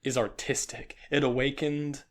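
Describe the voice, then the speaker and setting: A man's voice: medium pitch, flat delivery, moderate pace, a loud crowd. A young man co-hosting a casual game podcast, chatty, with many fillers and restarts. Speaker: podcast co-host. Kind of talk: casual chat.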